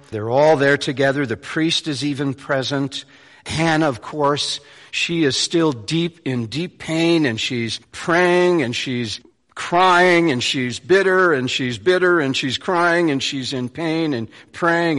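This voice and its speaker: A man's voice: mid-range voice, a bit bright. A male pastor preaching a sermon in a conversational way, rising to emphatic peaks. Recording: long reverb of a large hall.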